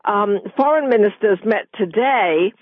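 A woman with a British accent giving a radio news report, measured and full of ums and uhs. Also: medium pitch, lively intonation, no room sound. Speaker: news correspondent. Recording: muffled phone-line sound.

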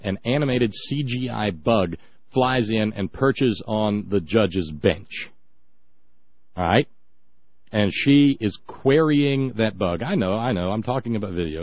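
A man giving scornful, sarcastic, rambling radio commentary. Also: fairly low pitch. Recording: dry, dull lo-fi audio.

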